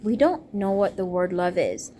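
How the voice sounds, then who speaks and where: A woman's voice: on the low side, expressive, normal speed, dark tone. A young adult woman talking earnestly to camera in a rambling personal testimony, with a faint hiss behind her. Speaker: vlogger speaking to camera. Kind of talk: personal testimony and religious appeal.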